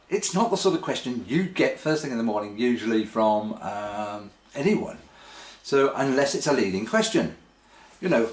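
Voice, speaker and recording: A man's voice: mid-range voice, sing-song, moderate pace. A man rambling wryly to camera in his kitchen, hesitant and full of ums and restarts. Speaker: vlogger. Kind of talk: casual rambling monologue. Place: home kitchen. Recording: roomy kitchen echo.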